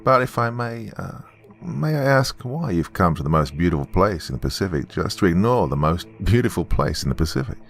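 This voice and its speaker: A man's voice: deep voice, very animated, brisk. A man voicing a cheerful, laid-back Australian tour guide with an Australian accent in a story reading. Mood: curious. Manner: friendly, easygoing, says "mate".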